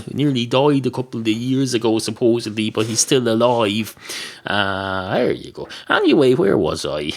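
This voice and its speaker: Man rambling through a comic monologue. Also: medium pitch. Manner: rambling, absurd, swears casually, lots of filler. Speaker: podcast host.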